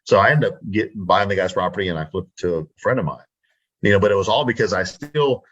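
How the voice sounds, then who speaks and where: A man's voice: on the low side, quick pace, a bit bright, slightly rough, highs cut off. A Texan man, a real estate wholesaler, chatting confidently in an interview and acting out his phone scripts. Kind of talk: casual interview talk.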